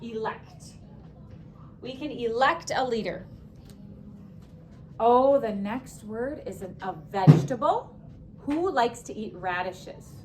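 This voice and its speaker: A woman leads a spelling lesson for young children in a classroom, her voice sitting a little high. She keeps an upbeat, sing-song teaching rhythm and stretches words out syllable by syllable. A light background hiss runs under the recording. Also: expressive, slow pace, pauses often, a little mellow. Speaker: elementary school teacher.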